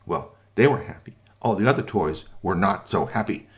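A man narrating a children's tale in a sing-song way, often asking the listener questions. His voice rises and falls widely, sinking soft at gentle moments. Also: sits low, normal speed. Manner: animated, sing-song, with many asides to listeners. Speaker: storyteller.

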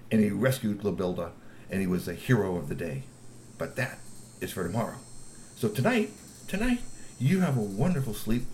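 Brief: lively male storyteller, bedtime tale, very expressive pitch, faint ambient hiss. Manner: animated, expressive, acts out characters. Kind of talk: bedtime story told to a child.

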